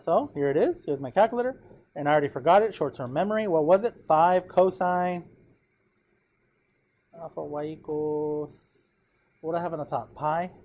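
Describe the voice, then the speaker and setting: A man with a slightly high voice teaches a math lesson in a classroom. His tone is casual and encouraging, and he keeps pausing to ask the students whether they follow. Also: a little mellow. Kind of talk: classroom lecture.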